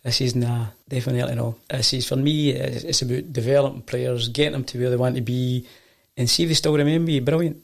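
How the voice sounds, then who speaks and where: Fast-talking gravelly Scottish man. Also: mid-range voice. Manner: animated anecdote-telling, acting out quoted voices. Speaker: football coach. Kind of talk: casual storytelling.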